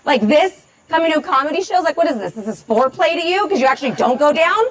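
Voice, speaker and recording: An actress playing a thirty-year-old stand-up comedian who sarcastically tears into a heckler, with lots of filler words. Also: female voice, high-pitched, animated, fast talker, rough recording. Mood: sarcastic. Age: 30s. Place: comedy club stage.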